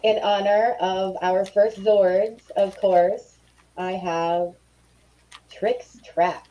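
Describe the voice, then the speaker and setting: A woman from Middle Tennessee, a guest chatting on a live video call, soft-spoken and a little nervous. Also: mid-range voice, steady tone, drawn-out words. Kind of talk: casual chat on a video call. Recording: dull lo-fi audio.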